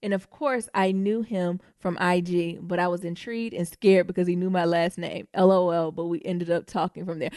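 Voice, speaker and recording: A woman co-hosting a podcast in casual chat, animated and quick to laugh and tease. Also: on the low side, dry recording, clean studio sound. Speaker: podcast co-host.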